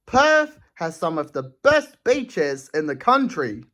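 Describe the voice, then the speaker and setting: A friendly, easygoing male train engine chats like a good mate, as a woman reader does his voice. His lines are laid-back and slow, with a lively rise and fall, read from a picture book. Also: deep voice, heavily acted.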